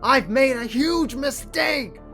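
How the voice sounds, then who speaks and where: A man voicing a loud, goofy, wisecracking male mercenary in a comic reading, with shrill yelling. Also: animated, a little slow, faint music behind.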